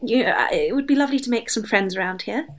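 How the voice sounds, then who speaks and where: A woman's voice: on the high side, animated, quick pace, close to an everyday voice. A woman playing Gwendolyn, a genteel, nosy young adventurer who talks in a chatty, overly polite way. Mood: gushing. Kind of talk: in-character tabletop role-play.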